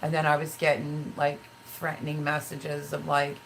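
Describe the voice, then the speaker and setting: A woman's voice: deep voice, completely flat delivery, normal speed, creaky, a little hiss or hum, rough recording. A middle-aged woman hosting a casual live stream, talking candidly and emotionally in a rambling way while reading viewer comments. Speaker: livestream host.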